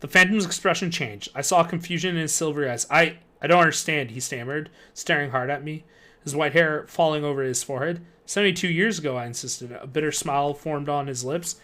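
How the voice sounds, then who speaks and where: A man reading a spooky children's book aloud on a live stream, expressive and ready with a joking aside. His voice sits a touch high for a man. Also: a little fast.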